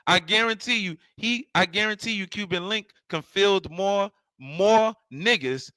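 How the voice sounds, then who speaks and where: A man's voice: high voice, unhurried, sharp tone, clear, resonant tone, no echo, low-quality recording. A man hosting a livestream, ranting confrontationally and repeating himself. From New York City. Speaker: online show host. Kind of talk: heated livestream rant.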